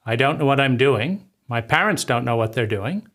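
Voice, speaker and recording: A man voicing an overwhelmed, hypocritical mother who is flustered, self-pitying and halting. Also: mid-range voice, animated, fairly bright tone, lightly acted. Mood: defeated.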